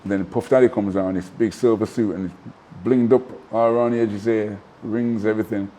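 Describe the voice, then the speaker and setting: A man, a former boxer telling animated anecdotes in a casual interview, full of asides and restarts. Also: fairly low pitch, brisk, a little hiss or hum. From Manchester, England. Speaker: guest, former professional boxer.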